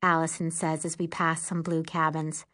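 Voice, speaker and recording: A woman reading a first-person story aloud as an audiobook narrator, measured and even. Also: deep voice.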